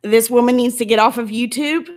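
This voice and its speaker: A woman vlogger talks straight to her viewers in an angry, emotional commentary. Her voice sits a little high and keeps a tearful, indignant edge, as if she is holding back crying. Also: brisk, a little mellow. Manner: emotional, indignant, close to tears. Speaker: YouTuber.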